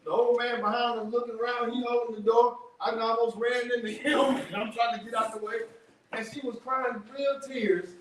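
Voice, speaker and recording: A man giving an animated testimony talk to a workshop audience, telling stories in casual vernacular. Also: very high-pitched, fairly quick. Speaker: workshop speaker. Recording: echoey room, distant mic, background noise.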